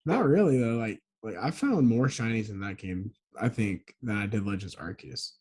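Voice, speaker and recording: A man's voice: fairly low pitch, lively intonation, normal speed, a little mellow, breathy edge. A man on a podcast, chatting casually, rambling and correcting himself as he goes. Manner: rambling storyteller, self-correcting. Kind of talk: casual chat.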